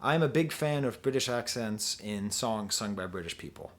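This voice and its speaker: A man's voice: lowish voice, expressive, normal speed. A man casually reviewing a concert video song by song, rambling and often breaking off mid-sentence. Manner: rambling, digressive, self-interrupting. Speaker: music reviewer.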